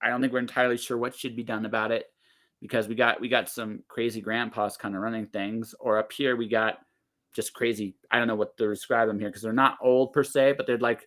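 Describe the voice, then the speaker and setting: This is a man in his forties talking on a podcast in a blunt, emphatic way. He swears casually and keeps breaking off and restarting his sentences as he works his point out. His voice sits at an everyday middle pitch for a man. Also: flat delivery, a little fast, a bit bright. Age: 40s. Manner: emphatic and blunt, swears freely, frequent self-interruptions.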